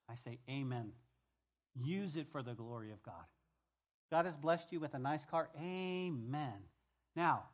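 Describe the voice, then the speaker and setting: A middle-aged male pastor preaching a conversational sermon, repeating key phrases and telling stories from the pulpit. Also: on the high side.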